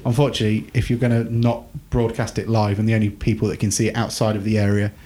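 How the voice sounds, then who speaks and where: A man's voice: fairly low pitch, little pitch movement, fast, mellow, a little hiss or hum. A man co-hosting a podcast in easygoing chat. He rambles, trails off into fillers and makes fun of himself as he goes. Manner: rambling, self-mocking, lots of fillers. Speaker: podcast co-host. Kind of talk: casual chat.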